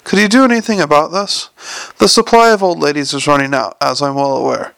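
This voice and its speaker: A sharp, imperious old lady, put on by a male audiobook narrator, pitched well up from his own voice, with a gravelly edge. She talks in a dry, cynical and snappish way. The room sounds dry and close. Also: steady tone, fairly quick, no room sound. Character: sharp-tongued wealthy old woman bank owner.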